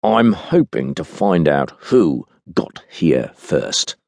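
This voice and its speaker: A man's voice: mid-range voice, very animated, a little slow, darkish tone, dry recording, pitched above the performer's own voice. A man voicing a dour, middle-aged chief inspector who speaks grimly and formally in an audiobook. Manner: grim, gruff, formal.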